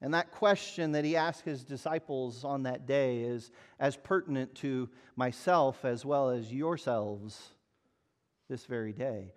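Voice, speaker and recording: A man's voice: medium pitch, a little slow. A man preaching a sermon in an earnest, emphatic way, asking the listeners pointed rhetorical questions. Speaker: pastor.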